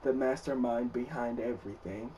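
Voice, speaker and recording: A young man spins a dramatic story in a casual vlog, animated and loud, his voice jumping up when he quotes himself. His pitch sits in a middling range. He sounds a little distant from the microphone. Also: normal speed, a little hiss or hum. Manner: animated, loud, rising to shouts in quoted lines.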